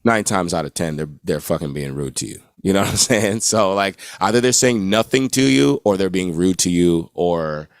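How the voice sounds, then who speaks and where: A man's voice: low-pitched, animated, normal speed, few pauses, no echo, clean studio sound. An American man who is a guest guitarist on a podcast, talking in a laid-back, casual way and swearing freely. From United States. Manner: laid-back, swears freely, keeps asking "you know what I'm saying".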